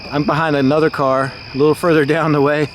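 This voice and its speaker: A vlogger giving casual, excitable running commentary outdoors at night, exclaiming and laughing nervously while crouched behind a parked car. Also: mid-range voice. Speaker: vlogger filming fireworks. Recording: noisy outdoor camera audio. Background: crickets and firework bangs.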